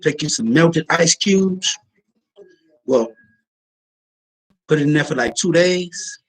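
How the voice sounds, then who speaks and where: A man's voice: a little high, slow, poor audio. A man talking in a casual, slangy rant, acting out little scenes as he goes. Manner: animated, slangy, acts out scenes. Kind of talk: casual ranting monologue.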